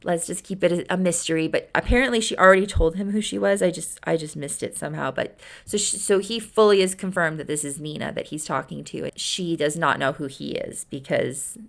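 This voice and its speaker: A woman retells her own old story in a chatty, casual way, full of self-mocking asides. Her voice has a gravelly, creaky texture. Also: low-pitched, a little fast, few pauses. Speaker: author and video host.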